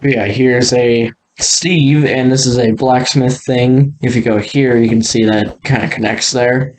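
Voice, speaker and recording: A man's voice: mid-range voice, steady tone, measured pace. A man giving a casual, rambling walkthrough, laughing often and trailing off mid-sentence. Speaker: video creator touring an old game world.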